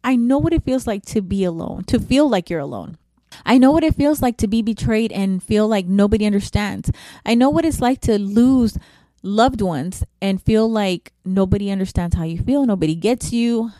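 A woman's voice: mid-range voice, warm tone, dry recording. A middle-aged woman hosting her own podcast, talking candidly and emotionally in a casual, slangy way. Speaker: podcast host. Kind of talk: casual solo podcast talk.

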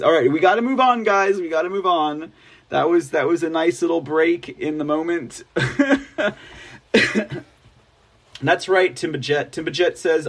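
A man hosts a live show in a loose, rambling way and laughs often between his thoughts. His voice sits a little on the high side. He is recorded on a phone. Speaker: host. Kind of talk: casual live-show chat.

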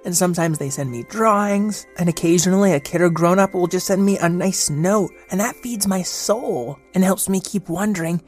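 A man hosting a children's podcast, speaking in a gentle, earnest way as he answers questions. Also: high voice, normal speed, few pauses, soft background music. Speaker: host and storyteller of a kids' podcast. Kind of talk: scripted narration for children.

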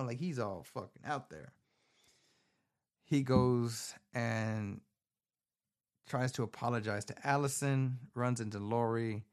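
A man casually recapping a film on his phone camera, cursing constantly and rambling animatedly. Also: lowish voice. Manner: profane, rambling, animated storytelling. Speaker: movie recapper.

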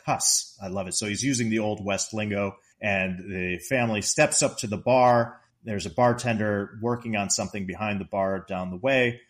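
A man co-hosting a podcast, casually retelling movie scenes in an animated way, laughing often and quoting the characters in a raised voice. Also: lowish voice, moderate pace, hardly any pauses. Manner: laughs often while talking. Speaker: podcast co-host discussing a movie.

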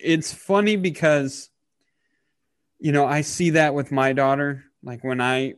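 Halting, emotional man with a dry sound. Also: mid-range voice, no room sound. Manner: halting, many fillers and restarts, gets choked up. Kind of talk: casual emotional podcast talk.

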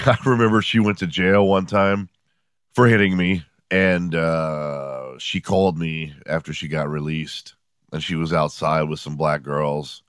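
A man's voice: rumbling low, steady tone, measured pace, clean tone, no room sound, studio quality. A man in his forties hosting a podcast, telling rambling comedic stories in a profane, sardonic way. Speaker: podcast host. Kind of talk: comedic storytelling monologue.

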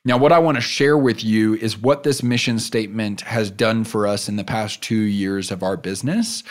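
Earnest, low-voiced man giving a motivational talk. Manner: emphatic and earnest, building to loud peaks; drops soft and low when telling a story. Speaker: podcast host and business leadership coach.

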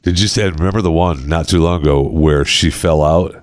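A man's voice: extremely low pitch, brisk. An American man hosting a podcast, chatting casually and acting out stories with sound effects. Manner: animated storyteller, acts out scenes with sound effects. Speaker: podcast host. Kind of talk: casual chat.

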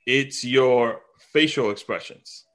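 A man's voice: mid-range voice, takes it slowly. A man hosting a casual podcast over a video call, asking loose, rambling questions. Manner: relaxed, asks rambling questions. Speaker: podcast host. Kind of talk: casual chat.

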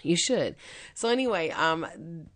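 Woman, host and mentor, motivational talk, energetic, chatty, quick bursts. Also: sits low.

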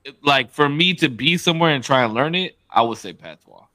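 A young man co-hosting a podcast in casual chat, animated and emphatic, laughing often and swearing freely. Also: medium pitch, a little fast, no room sound. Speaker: podcast co-host.

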